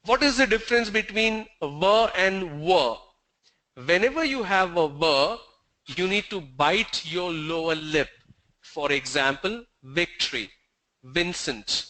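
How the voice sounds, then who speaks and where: High, bright-voiced man teaching pronunciation. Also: rough recording. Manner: drills word lists slowly, stressing each sound; tells stories to the class. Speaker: pronunciation trainer. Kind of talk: online pronunciation lesson.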